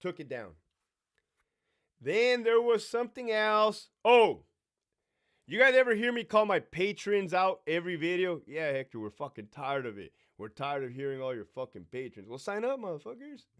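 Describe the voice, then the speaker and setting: A middle-aged man hosting a livestream Q&A tells stories brashly, swearing and animatedly mimicking the people in them. His voice sits high, with a clear, resonant tone and a moderate pace.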